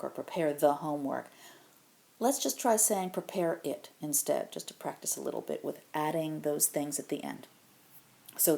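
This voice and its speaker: Patient woman teaching slowly. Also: on the low side, vocal fry, warm tone. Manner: patient, step-by-step explaining with slow modeled examples. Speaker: Spanish teacher. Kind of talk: classroom grammar lesson.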